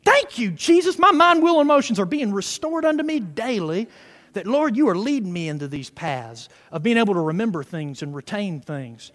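A man's voice: sits high, very animated, moderate pace, a bit bright. A man preaching a fervent sermon, peppering his words with hallelujahs and praise God. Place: church sanctuary. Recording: reverberant hall.

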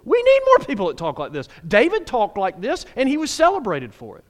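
A man preaches in a high, lively voice. He is folksy and playful, dropping to a hush one moment and shouting the next. His talk leaps all over his range. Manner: animated, swings from hushed to shouting. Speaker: pastor. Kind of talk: sermon.

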